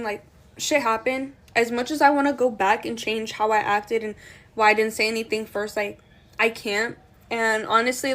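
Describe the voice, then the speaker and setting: A woman telling a personal story in a casual storytime monologue, blunt and slangy, swearing freely. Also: on the high side. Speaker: storytime creator.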